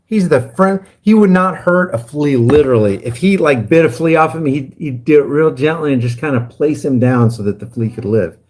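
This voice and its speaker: A man's voice: fairly high pitch, brisk, hardly any pauses, darkish tone. A man talking casually on a livestream, rambling and getting heated. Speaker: guest livestreamer.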